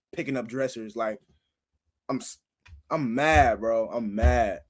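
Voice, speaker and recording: A young man hosting a podcast, telling stories in casual chat, animated and slangy, swinging from loud outbursts to low mutters. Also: slow pace, long pauses. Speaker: podcast host.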